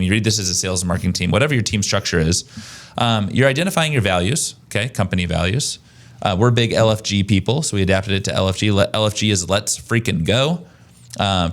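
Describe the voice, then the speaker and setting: A man hosting a casual podcast chat, energetic and conversational, often restarting his sentences. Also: fairly low pitch. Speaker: podcast host, agency owner.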